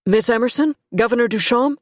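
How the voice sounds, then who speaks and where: A man's voice: very high-pitched, a little fast, no echo, clean studio sound, voice pushed up. A woman reading a male sailor who speaks urgently and apologetically. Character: hurried, polite male sailor.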